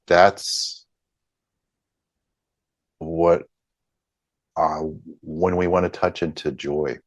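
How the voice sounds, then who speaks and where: Male session leader, gentle and halting, low and unhurried, video-call audio. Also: steady tone, dry recording. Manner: slow, gentle, halting, with many pauses and fillers. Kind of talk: guided group healing session over video call.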